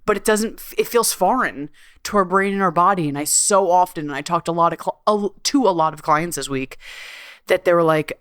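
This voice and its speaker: A middle-aged woman hosting her own podcast, talking candidly and swearing freely, with humming pauses. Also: on the low side, a bit bright, clean tone, dry recording, clean studio sound. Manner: candid and swearing freely, with laughs and drawn-out hums. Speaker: podcast host and coach. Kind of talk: casual solo podcast monologue. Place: at home recording a podcast.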